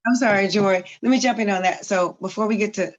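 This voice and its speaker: A woman's voice: mid-range voice, quick pace, dull audio, a crowd in the background. A woman on an online meetup who cuts in hesitantly, with a lot of apologies.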